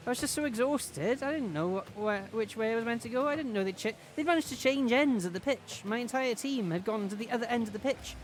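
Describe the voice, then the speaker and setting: A man's voice: very high voice, fast, few pauses, faint music behind. A man chatting in a rambling, self-mocking way while commentating his own gameplay on a stream. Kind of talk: casual game-stream commentary.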